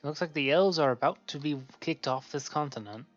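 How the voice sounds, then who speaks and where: A man streaming a game, chatting casually and narrating what he sees with excitement. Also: fairly high pitch, a little fast, dull audio, soft background music. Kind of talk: casual chat while gaming.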